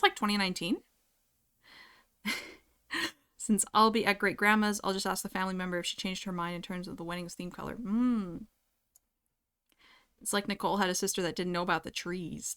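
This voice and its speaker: A woman's voice: mid-range voice, a bit bright. Chatty, giggly young woman streamer. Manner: chatty, giggly, reads chat aloud. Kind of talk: casual chat with live chat.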